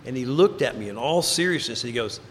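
A man's voice: lively intonation, fast talker, a little hiss or hum. Man telling his story in a hall. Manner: storytelling, drops to quiet low tones for emphasis. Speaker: recovery speaker. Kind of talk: personal testimony talk. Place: large hall before an audience. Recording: reverberant hall, faint ambience.

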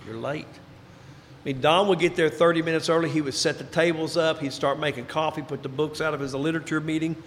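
A man giving a personal recovery testimony, telling his story and dropping into quiet, low tones for emphasis. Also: fairly even intonation, fairly quick, slight background noise. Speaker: recovery speaker. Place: large hall before an audience. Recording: reverberant hall, faint ambience.

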